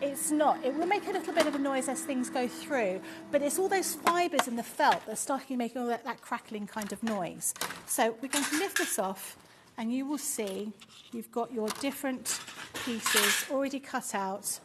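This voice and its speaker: A woman's voice: high-pitched, expressive, normal speed, very noisy. A woman demonstrating a craft machine on a live show, chatty and explaining step by step.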